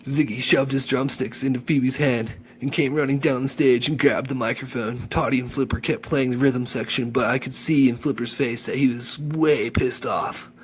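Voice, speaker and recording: A man reading a children's novel aloud with animated enthusiasm, then chatting about the chapter. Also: mid-range voice, normal speed, few pauses, husky. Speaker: audiobook reader.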